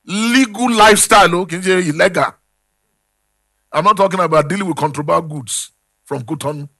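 A man preaching a sermon, calling out questions to the congregation and swinging between loud and hushed. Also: sits high, a little fast. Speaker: pastor.

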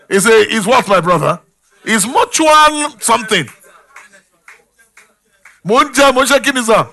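A man preaching a sermon, calling out questions to the congregation and swinging between loud and hushed. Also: sits high. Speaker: pastor.

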